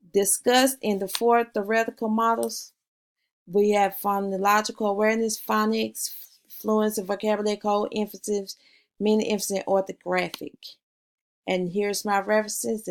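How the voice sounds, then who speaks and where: A woman reads her class presentation aloud from notes, stopping now and then to correct herself. Her voice sits at a middle pitch for a woman. A faint hiss and small clicks run under the recording. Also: poor audio. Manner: reads from notes with pauses, fillers and self-corrections.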